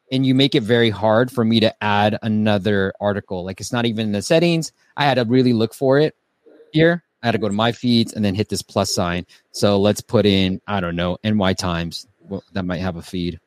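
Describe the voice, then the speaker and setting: A man hosts a live app-review stream, talking casually and packing his advice with fillers like "like" and "you know." His voice sits at an ordinary pitch. The sound is dry and close. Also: dry recording. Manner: chatty, filler-heavy.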